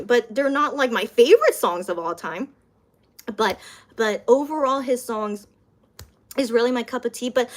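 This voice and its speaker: A young woman chatting casually on a live stream, repeating herself, laughing often and reading viewer comments aloud. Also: fairly high pitch.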